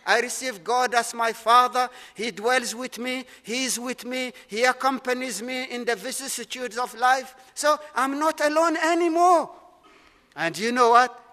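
A man preaches with earnest, repetitive emphasis, building his points phrase by phrase. His voice sits high and rings bright. The sound carries a long, lingering hall reverb. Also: fairly even intonation, normal speed. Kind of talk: sermon.

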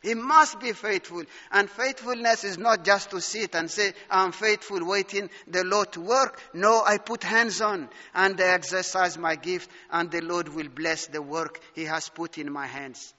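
A man's voice: high voice, unhurried, few pauses, pushed and bright. A man preaching a sermon with fervor, addressing listeners as dear friends and firing off rhetorical questions. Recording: reverberant hall, dull lo-fi sound.

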